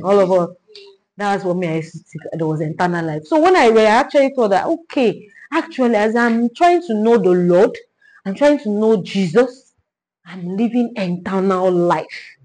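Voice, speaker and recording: A woman leading a Bible study, teaching in an animated way, repeating herself and asking rhetorical questions. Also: medium pitch, low-quality recording.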